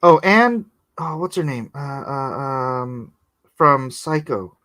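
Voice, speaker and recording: A man, a comic artist, chatting casually on a live stream while he inks, rambling and growing animated as he laughs through a story. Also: on the high side, takes it slowly.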